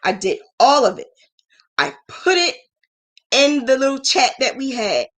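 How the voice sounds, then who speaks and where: A woman with a fairly high voice talks frankly and emotionally to her viewers as a business mentor, scolding with affection. She tells stories animatedly, throwing her voice up high whenever she acts out other people. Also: unhurried. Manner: animated storytelling, acting out quoted voices with big pitch jumps. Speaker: business mentor and crochet channel host. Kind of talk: live-stream mentoring talk.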